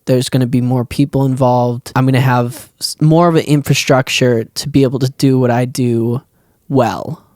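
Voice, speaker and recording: A man musician talking casually to his viewers in a year-end vlog, relaxed and rambling with lots of likes and restarts. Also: mid-range voice, normal speed, no room sound, clean studio sound. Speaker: musician and video creator.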